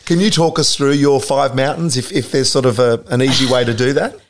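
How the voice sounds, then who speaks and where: A man hosting a podcast interview who asks short questions and gives soft interjections. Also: mid-range voice, steady tone, brisk. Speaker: podcast host.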